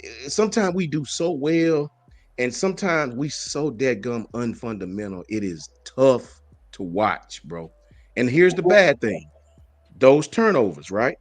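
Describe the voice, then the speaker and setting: Animated man hosting sports talk. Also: medium pitch, measured pace, no room sound. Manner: animated, greets chat viewers, slangy. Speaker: sports talk show host. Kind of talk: casual sports talk livestream.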